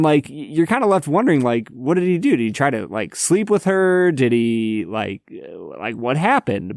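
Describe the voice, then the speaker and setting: A man's voice: medium pitch, darkish tone, dry recording, studio quality. A young adult man co-hosting a podcast in a laid-back, reflective way, calling his friend man and dude. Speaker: podcast co-host. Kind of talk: casual chat.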